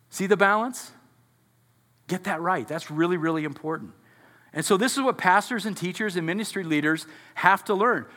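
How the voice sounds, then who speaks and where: A man with a high, bright voice preaches a sermon in a church sanctuary. He talks to his congregation conversationally and keeps checking in with questions. His voice rings out with a long reverb from the hall. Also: animated, normal speed. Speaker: pastor.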